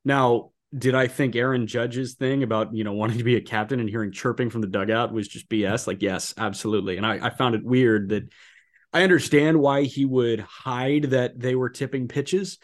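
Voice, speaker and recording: A man co-hosting a casual sports podcast in a mid-range voice. He jumps from easy chatter to loud disbelief and leans on fillers as he goes. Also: mid-range voice, moderate pace. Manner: animated, incredulous outbursts, many fillers. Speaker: podcast co-host. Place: apartment.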